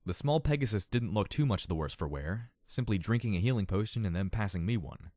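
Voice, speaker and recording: Hoarse man narrating lively. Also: fairly low pitch, fairly quick, no echo, studio quality. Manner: expressive, dramatic reading. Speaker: audiobook reader. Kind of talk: fan audiobook narration.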